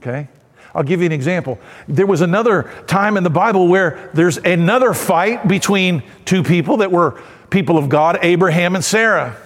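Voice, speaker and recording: High-voiced animated male pastor. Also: moderate pace, long reverb tail. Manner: animated, conversational, checking in with the audience. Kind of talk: sermon.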